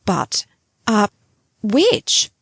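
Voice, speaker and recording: A woman's voice: medium pitch, wildly swooping pitch, drawn-out words, vocal fry, husky, no room sound, studio quality, heavily acted. A woman voicing an anxious, devoted older housekeeper who speaks with pleading emotion in an audiobook reading. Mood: earnest.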